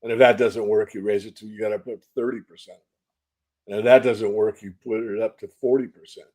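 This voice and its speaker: Older man, low-voiced market analyst. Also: flat delivery, darkish tone. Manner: measured, folksy, repeats phrases for emphasis. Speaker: silver market analyst guest. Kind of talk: interview answers.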